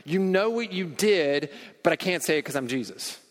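A man's voice: a little high, expressive, normal speed, lightly acted. A man voicing a grumpy, petty male holy teacher who teases his followers sarcastically. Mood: grumpy teasing. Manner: sarcastic, teasing. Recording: long reverb in a large hall.

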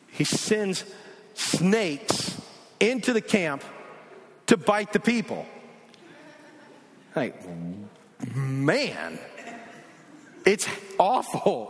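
A man preaching a sermon in a casual, conversational way, full of asides, swinging from loud bursts down to hushed low passages. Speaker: pastor. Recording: long reverb of a large hall.

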